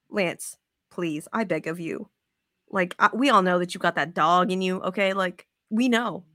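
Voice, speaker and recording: A woman's voice: fairly low pitch, slow, pauses often, no echo, studio quality. A woman hosting a casual sports podcast, cursing freely and acting out players' voices. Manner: profane, animated, acts out quotes. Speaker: podcast host.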